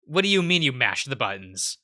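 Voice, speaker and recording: A man's voice: mid-range voice, very animated, a little fast, bright, forceful tone. A man voicing a level-headed male fox who speaks in a dry, matter-of-fact way.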